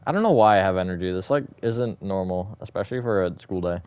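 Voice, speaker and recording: Male streamer, lowish voice; chatty, self-correcting rambler whose delivery flips between deadpan disappointment and high energy. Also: quick pace, clean tone, dry recording, muffled recording. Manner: swings between flat, disappointed-sounding and bursts of high energy; rambling, thinks aloud with fillers and self-corrections. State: short on sleep. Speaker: livestreamer. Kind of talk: casual livestream chat while gaming.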